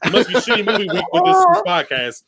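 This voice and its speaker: A man with a high voice rants in casual podcast chat, animated and jokey. He swears freely and keeps the talk loose. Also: quick pace, over a noisy crowd. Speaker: podcast co-host. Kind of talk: casual movie review chat.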